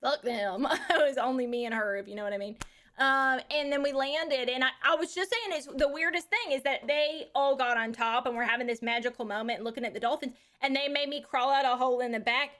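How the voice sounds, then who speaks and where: Woman putting on a texan trucker gal, crude and cheeky, bright high voice, keeps saying baby. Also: brisk. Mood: rambling. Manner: crude, cheeky drawl, calls everyone baby. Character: brash Texan woman trucker back from space. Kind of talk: live-stream character bit.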